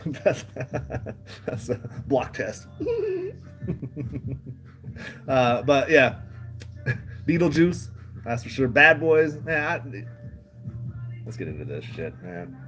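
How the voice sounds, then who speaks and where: A man's voice: mid-range voice, animated, takes it slowly, pauses often, a bit bright, soft background music. A man hosting a casual livestream, rambling, chuckling often and swearing freely. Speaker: livestream host.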